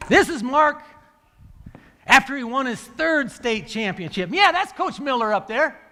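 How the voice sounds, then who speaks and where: A middle-aged wrestling coach and speaker tells a story to an audience in a large hall, animatedly acting out the quoted dialogue. His voice is extremely high-pitched and his pace measured. The recording carries the reverberation of the hall.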